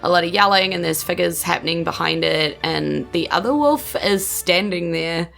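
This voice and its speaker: A woman's voice: lowish voice, normal speed, creaky, a bit bright, faint music behind. A woman with a New Zealand accent narrating as game master in a tabletop game, chatty and giggly with many fillers.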